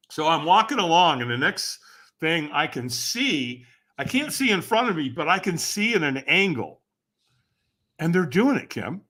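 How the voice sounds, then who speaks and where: A man sits in as a podcast guest and recounts a personal story with animated energy. His voice is bright and forceful and sits a little high for a man. It swoops up and down as he acts out the voices of the people in his story. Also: normal speed. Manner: animated, acts out quoted voices with sudden shouts; asks the listener rhetorical questions.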